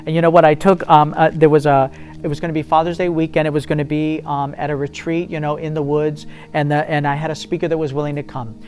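A man's voice: a little high, flat delivery, fast, darkish tone, slight background noise. Earnest man telling a faith story. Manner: earnest, acts out dialogue with rising intensity. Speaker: ministry guest telling a testimony.

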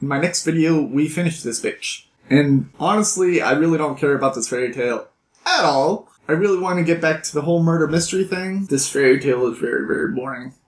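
A man with a slightly higher voice recapping a book for his vlog, chatty and sarcastic. The sound bounces around a roomy, echoey space. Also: brisk.

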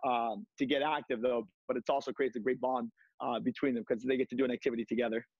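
A man who teaches martial arts, talking through a video call on a TV segment and coaching a short workout with energetic commands. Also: medium pitch, quick pace, slightly rough, no room sound, lo-fi sound. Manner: upbeat coaching commands, many fillers. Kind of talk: remote TV interview, leading a workout.

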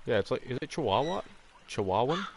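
A man's voice: mid-range voice, a little fast, vocal fry. A young man live-streaming a game, chatting casually with viewers and swearing now and then. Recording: steady background noise.

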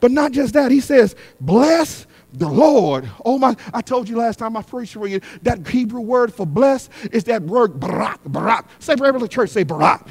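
A middle-aged man preaching a sermon. He repeats his lines in a call-and-response rhythm and swings between shouted peaks and quick, hushed asides. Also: very high voice, animated, husky. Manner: repetitive call-and-response cadence. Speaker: guest preacher.

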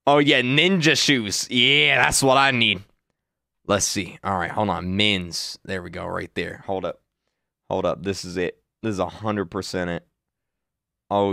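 A man in his twenties hosting a casual reaction video, excitable and repetitive, often breaking into high-pitched shouts. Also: gravelly, no room sound, clean studio sound. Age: 20s. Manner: excitable, repeats himself, bursts into high shouts.

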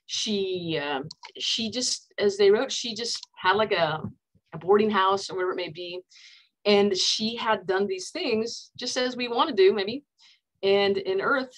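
A woman's voice: medium pitch, rough recording. American woman, counselor, casual book talk on a video call, chatty delivery. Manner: chatty, many fillers and restarts.

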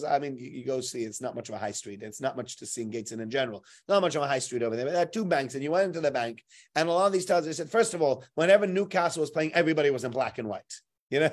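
Animated man teaching Torah. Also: on the high side. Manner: animated, humorous, acts out dialogue. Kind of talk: casual Torah lesson with storytelling.

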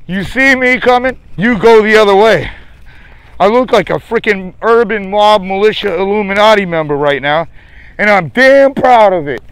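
Gravelly, breathless man rambling on a livestream. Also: sits high, a bit bright, no echo. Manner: crude, joking, profane. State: short of breath behind a face mask. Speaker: livestream host. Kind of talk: rambling live-stream chat. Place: outdoors on a city sidewalk.

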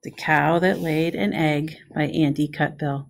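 Gravelly-voiced woman reading a picture book. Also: sits low, measured pace. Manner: expressive, friendly, pointing out pictures. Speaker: preschool teacher reading aloud. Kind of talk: picture book read-aloud.

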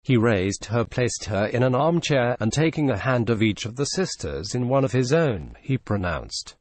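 A man narrating a classic story in a measured, expressive storytelling manner. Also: mid-range voice, no echo. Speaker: audiobook narrator. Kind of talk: scripted narration.

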